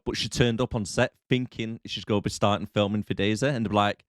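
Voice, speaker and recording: Male podcast co-host: low, animated, jokey, dry close sound. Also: quick pace, dry recording. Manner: laughing, joking asides. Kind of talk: casual chat.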